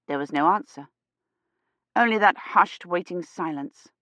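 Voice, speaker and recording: Woman narrating in a hushed, suspenseful voice. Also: on the low side, unhurried, no room sound, muffled recording. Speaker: audiobook narrator. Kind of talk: scripted narration.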